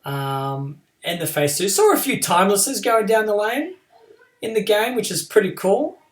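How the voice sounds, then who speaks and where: A man's voice: sits high, expressive, moderate pace, distant mic. A man streaming a game live and chatting casually about his play, with playful trash talk toward his opponent.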